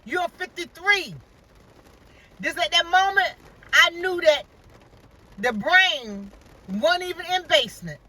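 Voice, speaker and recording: A man's voice: very high-pitched, expressive, takes it slowly, pauses often, pushed and bright, poor audio. A man in his fifties telling a story to viewers in an emphatic, repetitive, casual way. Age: 50s. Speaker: vlogger.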